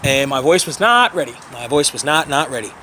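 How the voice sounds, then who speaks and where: A hoarse man in his thirties talks through a casual vlog in a slightly high voice. He rambles and mocks himself, stopping now and then to clear his throat. A faint hiss of noise sits under the recording. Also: animated, a little fast, pushed and bright. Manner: rambling, self-deprecating, frequent throat clearing. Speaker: vlogger.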